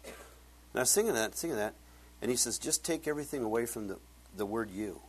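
A man preaching a sermon, reading scripture with loud emphatic rises and dropping to quiet asides for personal stories. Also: medium pitch, animated, fairly quick, husky. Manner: tells personal stories with laughter. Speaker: pastor.

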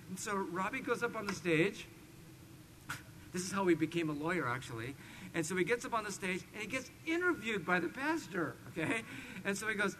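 A middle-aged man preaching a sermon to his congregation. He tells a story with animation, swinging between loud emphasis and hushed asides. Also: high-pitched, expressive, fast, slight background noise, low-quality recording. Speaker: pastor. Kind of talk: expository sermon with personal stories.

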